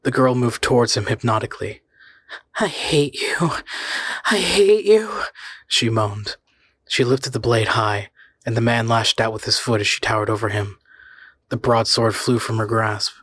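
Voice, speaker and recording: A man reading a horror story aloud in a measured, suspenseful way. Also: on the low side, level tone, sharp tone. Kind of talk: scripted horror story narration.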